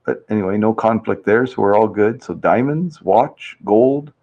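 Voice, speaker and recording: A man's voice: lowish voice, normal speed, darkish tone, dull audio. A man hosting a casual live-stream survey game, chatty and reading viewers' answers aloud with easy laughs. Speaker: livestream host running a survey game.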